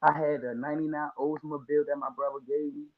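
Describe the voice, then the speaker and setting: A man from the Washington, D.C. area talks through his lawn care story in casual, slangy podcast chat. His voice sits a little high, and he keeps acting out what people told him. The sound is slightly dull and lo-fi. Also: flat delivery, quick pace. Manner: storytelling with acted-out quotes, slangy. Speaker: podcast guest, lawn care business owner.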